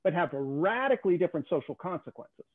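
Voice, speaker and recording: Brief: male guest, slightly high voice, emphatic explainer, thin telephone-like sound. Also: lively intonation, fast. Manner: emphatic, keeps checking in with "okay?". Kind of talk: conversational lecture on theory. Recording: tinny phone-like call audio.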